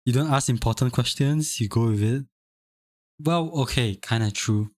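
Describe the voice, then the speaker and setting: A man's voice: mid-range voice, normal speed, a little mellow. Rambling young male streamer. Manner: rambling, stammering restarts, laughing often. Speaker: live streamer. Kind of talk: casual chat.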